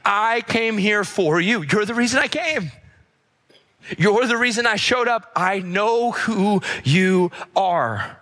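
A preacher voicing a tender, earnest Jesus. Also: male voice, fairly high pitch, expressive, slow, bright, forceful tone, slightly rough, in a large hall, exaggerated voice. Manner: earnest, pleading, drawn out. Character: Jesus speaking tenderly to a blind beggar.

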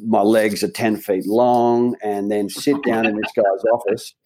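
A man's voice: lowish voice, steady tone, unhurried, a crowd in the background. An Australian man, a guest in a casual conversation, telling a rambling story full of restarts. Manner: rambling, chatty, with frequent restarts.

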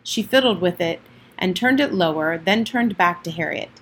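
Woman reading a kids book out loud, steady, kinda low voice, stumbles now and then. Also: normal speed, a little hiss or hum. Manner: plain steady reading with occasional slips and restarts. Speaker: audiobook reader. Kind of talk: reading a novel aloud.

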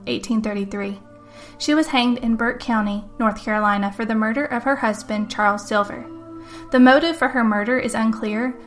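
A woman's voice: fairly high pitch, fairly bright tone. A woman who hosts a storytelling podcast, telling a murder tale as dramatic first-person narration. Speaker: podcast host and author.

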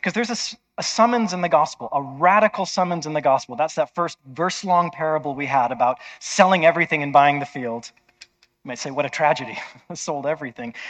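A man's voice: on the high side, a bit bright. Emphatic, conversational male preacher. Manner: emphatic, conversational, asks listeners "right?". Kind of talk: sermon.

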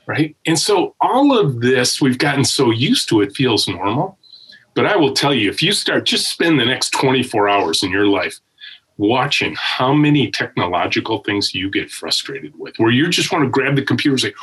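A man who is a tech founder and guest, telling stories with lots of emphasis. His voice is slightly husky and jumps around in pitch. He keeps checking in with a quick "right?". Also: rough recording. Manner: animated, emphatic, with frequent "right?" tags. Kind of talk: conversational storytelling.

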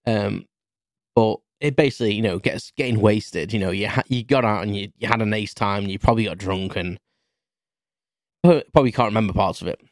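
A man's voice: lowish voice, brisk, no room sound, clean studio sound. A British man in his thirties, a podcast host rambling through a casual story with many restarts. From United Kingdom.

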